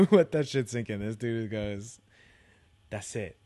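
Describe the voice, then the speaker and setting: Lowish-voiced man ranting casually. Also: takes it slowly, mellow. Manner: loose, profane, rambling with many fillers. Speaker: podcast host. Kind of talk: casual solo podcast rant.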